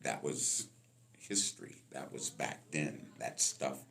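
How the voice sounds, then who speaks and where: A man's voice: rumbling low, animated, slow pace, vocal fry, fairly bright tone. A man in his sixties from Los Angeles, telling stories as a guest on an interview podcast and acting out the voices of people he quotes. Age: 60s. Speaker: guest musician. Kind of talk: storytelling interview.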